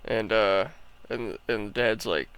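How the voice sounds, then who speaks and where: A man's voice: fairly low pitch, unhurried, a bit bright, smooth, no echo, poor audio. A man co-hosting a casual podcast, talking bluntly and swearing freely about carnival game customers. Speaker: co-host, carnival game attendant.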